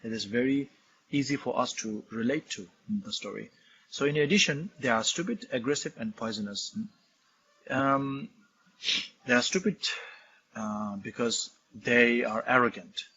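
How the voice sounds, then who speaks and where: A man with a Tibetan accent, a Buddhist teacher explaining a text in a halting, filler-heavy way. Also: medium pitch, bright, forceful tone, breathy edge. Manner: halting, many fillers and restarts, explains terms. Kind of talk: Dharma talk commentary. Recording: dull lo-fi recording, faint noise.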